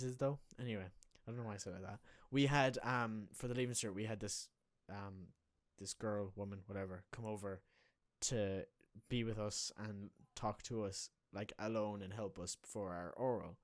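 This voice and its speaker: A man's voice: fairly low pitch, fairly even intonation, normal speed, few pauses, no echo, studio quality. A young Irish man chatting casually as a podcast co-host, rambling with many restarts and fillers. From Ireland. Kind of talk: casual chat.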